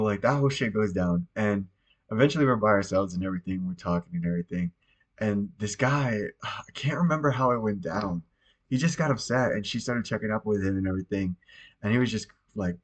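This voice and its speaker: A young man hosting a podcast, telling a story in a rambling, profane, casual way with plenty of fillers. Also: on the low side. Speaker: podcast host.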